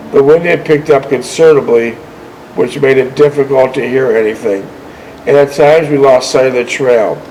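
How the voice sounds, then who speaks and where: A man hosting a show reads a veteran's war memoir aloud, adding short asides and often stumbling and correcting himself in a halting delivery. His voice is mid-range and a little mellow, on a low-quality recording with a little hiss or hum.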